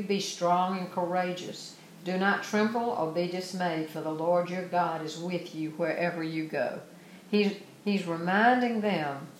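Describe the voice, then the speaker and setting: A woman's voice: on the low side, roomy sound, a little hiss or hum, low-quality recording. A woman preaching a sermon, reading scripture verses aloud and then explaining them earnestly.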